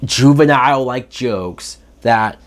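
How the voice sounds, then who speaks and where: A man in the middle of a heated movie rant, his pitch sitting right in the middle of the range. He hammers his points home with repetition and jumps from loud exclamations to low, grumbling asides. He sounds fed up and emphatic the whole way through. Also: takes it slowly. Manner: exasperated, emphatic, repeats for stress; swings from loud outbursts to muttered asides. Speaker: movie reviewer. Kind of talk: ranting movie review.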